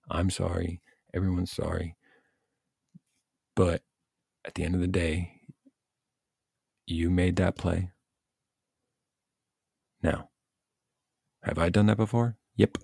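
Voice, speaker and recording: A man's voice: low-pitched, vocal fry, slightly rough, no echo, studio quality. A man giving blunt, profane coaching advice in a casual rant, speaking as a youth baseball coach and parent. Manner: blunt, profane, animated venting.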